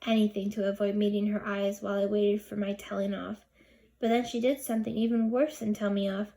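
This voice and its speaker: A woman narrating a children's novel aloud in a steady, expressive reading. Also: medium pitch, brisk. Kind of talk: storybook narration.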